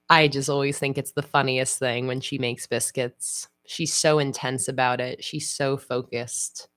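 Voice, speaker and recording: Low-voiced woman chatting slow on her stream, relaxed, says like a lot. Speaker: livestream host. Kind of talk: casual livestream chat while planning.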